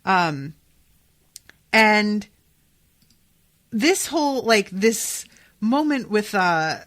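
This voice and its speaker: A woman hosting a podcast, giving chatty, excitable reactions to a comedy episode and swearing freely. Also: mid-range voice, drawn-out words. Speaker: podcast host. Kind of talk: casual episode reaction commentary.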